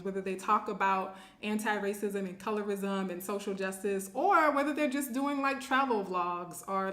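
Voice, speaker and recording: A woman's voice: mid-range voice, a bit bright, reverberant. A woman hosting a casual live stream, reading viewer comments aloud and laughing often. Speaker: livestream host.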